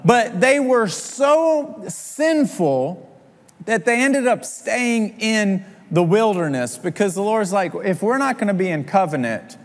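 A man preaching a sermon as a pastor, telling a story in an animated way and acting out the quoted figures. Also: sits high. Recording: long hall reverb.

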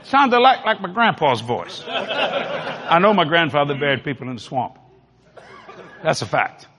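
New orleans guy preaching, high voice that swoops all over, folksy and emphatic, big echoey church. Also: very animated, a little slow, a crowd in the background. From New Orleans, Louisiana. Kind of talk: storytelling sermon. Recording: long hall reverb.

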